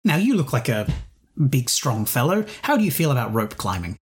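A man's voice: medium pitch, sing-song, moderate pace, husky. Man voicing a shapeshifting beetle trickster, persuasive salesman patter, easygoing delivery. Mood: scheming. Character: shapeshifting beetle-person, a smooth scheming salesman.

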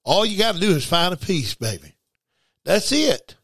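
High, bright-voiced preacher man. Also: moderate pace, breathy edge, no room sound. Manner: animated, repeats words, bursts into shouting. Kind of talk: informal broadcast sermon.

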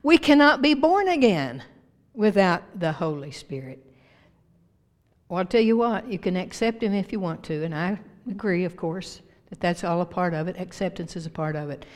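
A woman pastor preaching a sermon to her church with emphatic swings in pitch and volume. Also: animated, normal speed. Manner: emphatic preaching with big rises and drops in pitch and loudness. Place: church sanctuary. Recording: long reverb of a church hall.

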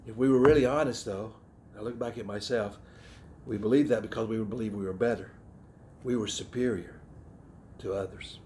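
A middle-aged man with a Southern American accent, preaching a sermon in an earnest, reflective way, often restarting phrases and clearing his throat. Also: fairly low pitch, fairly even intonation, normal speed, pauses often, warm tone, a little hiss or hum.

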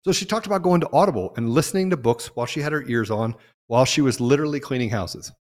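Emphatic man with a reverb. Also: fast. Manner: emphatic, rising to loud peaks and dropping low. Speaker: podcast host. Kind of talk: impassioned political monologue.

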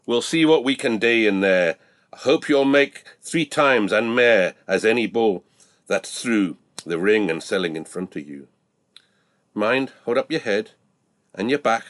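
A Scottish man voicing a calm, gentle cattleman in recited dialect verse. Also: lowish voice, measured pace. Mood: encouraging. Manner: calm, coaxing. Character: gentle, steady male cattleman.

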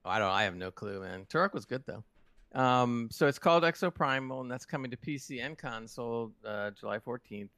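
A man's voice: mid-range voice, animated, a little fast, sharp tone, no echo. A British man co-hosting a gaming podcast, rambling through the week's game news with restarts. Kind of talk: casual chat.

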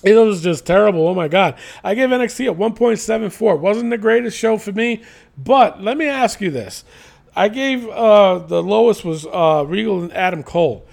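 A man's voice: high-pitched, moderate pace, creaky. A man co-hosting a casual podcast, ranting and cursing as he talks. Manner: animated, ranting, profane. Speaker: podcast co-host. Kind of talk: casual wrestling podcast chat.

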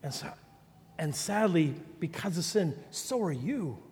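A man preaching a sermon as pastor, animated, swinging from loud peaks to low quiet asides. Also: a little slow. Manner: animated preaching, rising to shouts then dropping low. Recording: long reverb of a large hall.

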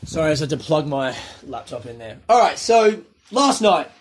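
A young Australian man with a fairly high voice, rambling through comic stories in a casual monologue. He swears freely, mocks himself, and slips into voices for the people he quotes. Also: very animated, normal speed, slight background noise. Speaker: stand-up comedian.

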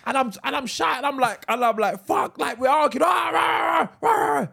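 A man's voice: very high-pitched, normal speed, vocal fry. A young man co-hosting a comedy podcast, chatting casually, swearing and acting out the people in his stories. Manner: animated, swearing, acts out quoted people with loud laughs. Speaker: podcast co-host. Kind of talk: casual banter.

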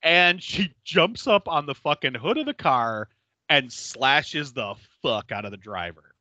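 A man's voice: medium pitch, measured pace, no echo. A man hosting a podcast in casual chat, recapping a horror film with frequent laughter and plenty of swearing. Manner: animated, laughing often, swears freely. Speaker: podcast host.

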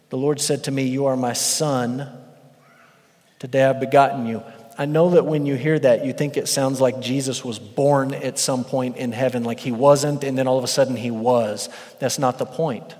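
A man preaching an expository sermon as pastor, animated and building to shouts for emphasis. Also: medium pitch, normal speed. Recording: long reverb of a large hall.

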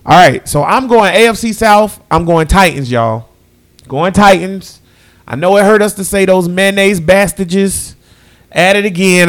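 A man's voice: sits high, unhurried, a bit bright. A man hosting a podcast, chatting loosely through football season picks and addressing listeners as y'all. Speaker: podcast host. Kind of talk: casual sports picks chat.

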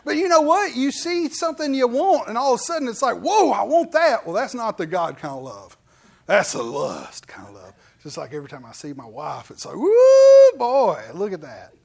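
A pastor preaching a casual, folksy sermon, animated and full of playful asides and quick put-on voices. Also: male voice, high voice, vocal fry, slightly rough.

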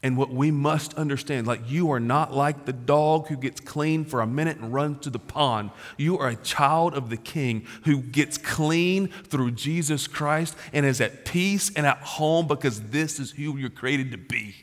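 A man in his forties preaching a sermon as a pastor, talking casually and slangily, swinging from loud emphasis to low, quiet stretches. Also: unhurried, hardly any pauses. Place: large church auditorium. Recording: long reverb of a large hall.

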